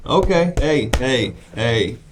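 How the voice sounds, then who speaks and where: A man's voice: medium pitch, lively intonation, slow pace, slight background noise. A man playing a laid-back, money-minded male therapist in an improvised comedy sketch, asking dry, probing questions. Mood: deadpan.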